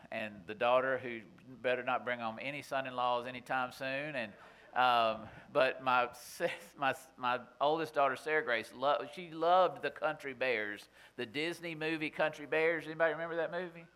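A middle-aged pastor delivers a sermon in a folksy, conversational style, spinning stories for his congregation. His voice is bright and clear, with a middle pitch, and he drops to a hush when the moment turns tender.

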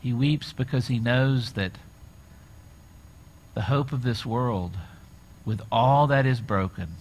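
A middle-aged male pastor preaching a sermon, retelling scenes with lively acted-out quotes. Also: medium pitch, slow, slight background noise. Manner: animated storytelling, acts out quoted voices.

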